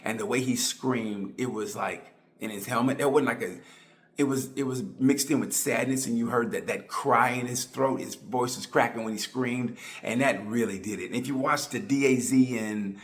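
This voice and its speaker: A middle-aged man giving a rambling, excitable, tongue-in-cheek monologue about motorcycle racing. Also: mid-range voice, moderate pace. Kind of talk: casual monologue.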